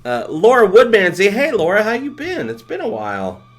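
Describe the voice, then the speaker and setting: Excitable man hosting a live stream. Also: sits high, moderate pace, faint music behind. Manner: excitable and rambling, thanking viewers. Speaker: livestream host. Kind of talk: casual live-stream chat.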